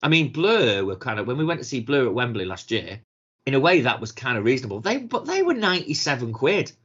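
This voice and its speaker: A middle-aged man with a Manchester accent, chatting casually on a podcast, sweary and animated, laughing often. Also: mid-range voice, quick pace, breathy edge, muffled recording. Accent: Mancunian. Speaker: podcast co-host. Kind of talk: casual chat.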